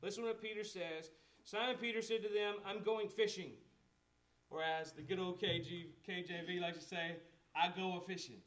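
A man's voice: high-pitched, steady tone, moderate pace, a bit bright. A man preaching a sermon as a pastor, talking conversationally, asking the congregation questions and acting out the lines of the people in the story.

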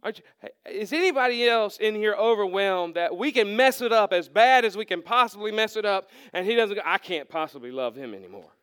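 A man's voice: sits high, fairly quick, a bit bright, clear, resonant tone, no room sound, clean studio sound. A man preaching a sermon to a congregation in a church, in a conversational storytelling way, often restarting his words. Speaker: pastor. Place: church hall before a congregation.

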